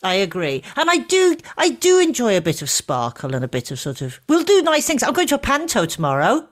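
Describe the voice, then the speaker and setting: A middle-aged woman co-hosting a podcast in casual chat, talking easily with fillers and gentle teasing. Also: a little high, wildly swooping pitch, a little fast. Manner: chatty, warm teasing, trailing fillers. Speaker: podcast co-host.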